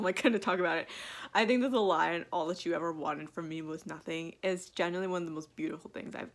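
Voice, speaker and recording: A woman's voice: fairly low pitch, steady tone, fast talker. Young woman, gushing, filler-heavy, teary, close to crying, casual home reaction vlog. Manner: gushing, filler-heavy, emotional, breaks into laughs. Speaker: vlogger reacting to an album.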